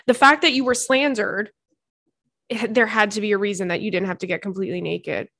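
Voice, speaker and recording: A woman podcast host in her thirties, chatting frankly and swearing freely as she reads out listener letters. Her voice sits at an ordinary middle pitch. The sound is dry and close, with no room echo. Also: vocal fry, a bit bright. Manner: candid, swears freely, quick asides. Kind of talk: casual chat, reading listener letters.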